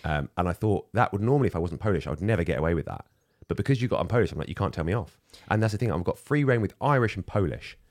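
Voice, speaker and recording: A man's voice: sits low, expressive, no echo, clean studio sound. A man in his forties chatting casually, rattling off trivia and joking in a rambling way. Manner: rambling, joking, quick fact-telling. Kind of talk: casual chat.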